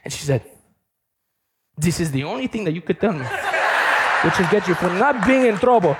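A young man preaching, telling a lively story to the audience and acting out the other people's voices. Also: sits high, moderate pace, very noisy. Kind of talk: sermon.

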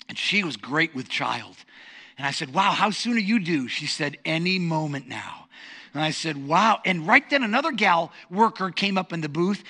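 A middle-aged man preaching a sermon as pastor, telling stories in an animated, self-deprecating way. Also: high voice. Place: church sanctuary.

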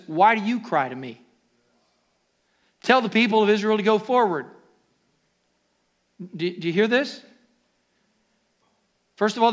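A male pastor preaching a sermon in a high, bright, forceful voice. He shifts between hushed, conversational asides and loud, rising exhortations to his congregation. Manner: preaching with sudden loud rises and quiet asides.

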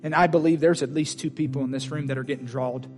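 A man's voice: medium pitch, fairly even intonation, fast talker, soft background music. A man preaching a sermon in church, fervent and emphatic, repeating his lines for force. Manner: fervent, emphatic, repetitive exhortation.

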